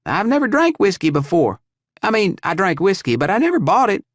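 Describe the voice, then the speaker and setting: A male narrator puts on a jittery young survivor, barely out of his teens. He rambles and apologizes in a high, excitable voice that leaps around, with a close, dry sound. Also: a little fast, no echo. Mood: apologetic. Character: young man under twenty-one, eager and nervous.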